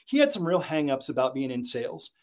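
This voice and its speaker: A man who consults on sales, a guest in an interview, telling stories with lots of energy and getting louder and higher when excited. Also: fast talker. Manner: energetic storyteller, gets loud and high when excited. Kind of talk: podcast interview, storytelling.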